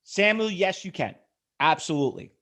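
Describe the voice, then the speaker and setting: A man's voice: high voice, lively intonation, moderate pace, bright, forceful tone. A middle-aged man teaching day trading on a live webinar, selling hard with rhetorical questions and calling on viewers by name. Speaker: trading instructor. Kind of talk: live webinar sales pitch.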